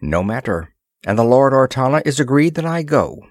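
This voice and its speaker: A man voicing a young alien princess who speaks simply, formally and with quiet devotion. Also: mid-range voice, big pitch swings, a little fast, no room sound, clean studio sound, voice pushed up. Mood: calm devotion. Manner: simple, earnest, formal speech.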